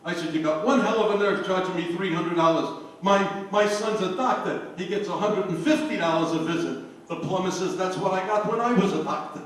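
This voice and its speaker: An older man telling jokes to a party crowd, a lively storyteller who hollers his punchlines. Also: high-pitched, brisk, hardly any pauses. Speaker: joke teller at a party. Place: anniversary party. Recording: echoey room, voice from far off, faint noise.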